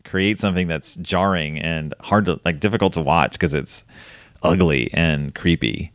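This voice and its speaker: A man's voice: low-pitched, normal speed, no room sound, studio quality. A man hosting a casual film discussion podcast, telling stories with lots of fillers. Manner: animated storytelling, many fillers. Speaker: podcast host.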